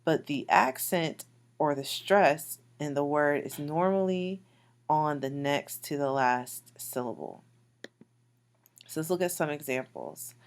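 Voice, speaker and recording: A woman with a low voice teaches a beginner Hebrew lesson. She talks slowly and patiently, repeating each word with plenty of fillers. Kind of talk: recorded slide lecture.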